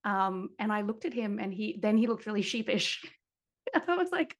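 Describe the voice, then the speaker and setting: A woman's voice: medium pitch, lively intonation, moderate pace. An Australian woman in her thirties co-hosting a casual podcast, telling stories about her toddler and acting out quoted asides. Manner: chatty, storytelling with quoted asides. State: pregnant. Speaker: podcast co-host. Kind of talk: casual chat.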